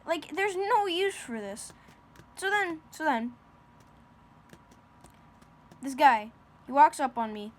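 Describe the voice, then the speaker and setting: A woman's voice: high voice, animated, takes it slowly, pauses often. A woman improvising a silly comic story, rambling with lots of fillers and restarts.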